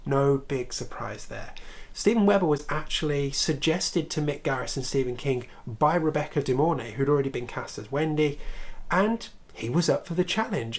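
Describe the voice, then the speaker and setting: A man hosting a casual film review video, chatty and opinionated, with sarcastic swearing asides. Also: fairly high pitch.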